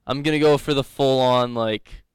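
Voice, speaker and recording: A man's voice: medium pitch, fairly even intonation, normal speed, smooth, no room sound. A young man teaching a live coding lecture, rambling and joking, laughing often. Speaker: coding instructor.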